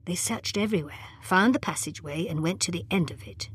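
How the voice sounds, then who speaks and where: A woman narrating an audiobook in a measured, even manner. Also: fairly low pitch, slightly rough. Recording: long reverb.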